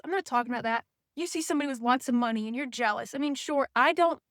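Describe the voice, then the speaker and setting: A woman's voice: high voice, a bit bright, no echo, clean studio sound. A young woman vlogging in a casual, candid ranting way, often saying "like" and slipping into mocking voices. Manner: says "like" often. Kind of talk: casual chat.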